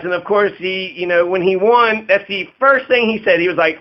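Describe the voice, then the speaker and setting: High-voiced rambling profane man. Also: moderate pace, few pauses. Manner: rambling, profane, laughing, acts out quotes in a raised voice. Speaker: political commentator. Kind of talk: casual political commentary. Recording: dull lo-fi audio.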